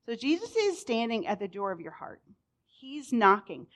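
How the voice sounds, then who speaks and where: Young woman with a higher voice, chatty bible lesson, lots of "like", animated. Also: normal speed. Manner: chatty, frequent "like", animated storytelling. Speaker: teacher. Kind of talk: casual Bible teaching.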